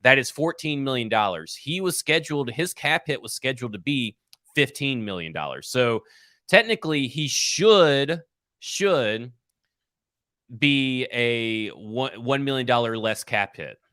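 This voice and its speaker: A man's voice: medium pitch, animated, measured pace, sharp tone, dry recording, studio quality. A man co-hosting a sports talk show, bluntly explaining contract numbers step by step. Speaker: sports show co-host and salary cap analyst.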